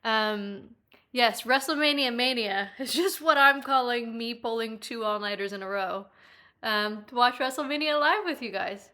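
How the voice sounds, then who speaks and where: A woman's voice: normal speed, sharp tone. A young woman streaming live from a house with a headphone mic, chatting playfully with her viewers. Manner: chatty and playful, breaks into high baby talk with a cat. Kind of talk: casual live-stream chat. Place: indoors at a house, talking to a live chat.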